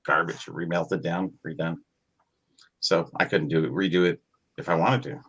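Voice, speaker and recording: A man's voice: sits low, fairly even intonation, normal speed, fairly bright tone, husky. A man chatting casually on a podcast, rambling and self-deprecating.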